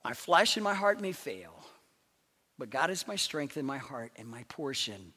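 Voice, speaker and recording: A male pastor preaching a sermon, swinging from loud proclamations to hushed, near-whispered lines. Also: medium pitch, sing-song, moderate pace, slightly rough, in a large hall.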